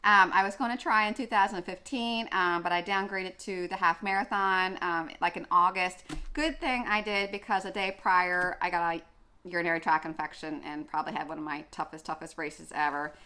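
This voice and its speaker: A woman's voice: fairly low pitch, fairly even intonation, normal speed, bright, forceful tone, clear, resonant tone. A young woman vlogging in a casual, chatty way, gushing, with many fillers and restarts. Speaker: running vlogger. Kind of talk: casual chat.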